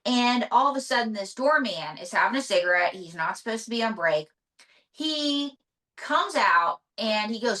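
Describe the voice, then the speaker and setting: A woman's voice: a little high, moderate pace. Chatty woman ventriloquist telling stories. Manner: chatty, animated storytelling. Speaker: ventriloquist guest. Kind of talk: casual interview.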